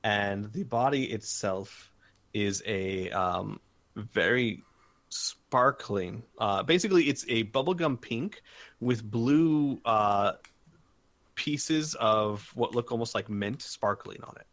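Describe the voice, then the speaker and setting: A man's voice: on the low side, slow pace, fairly bright tone. A man narrating as game master in a casual tabletop game, hesitant and full of fillers.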